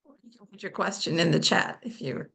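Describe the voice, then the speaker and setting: A woman moderates a webinar with short, hesitant prompts for a caller. Her voice is gravelly, picked up by a computer mic. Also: on the low side, normal speed, a bit bright.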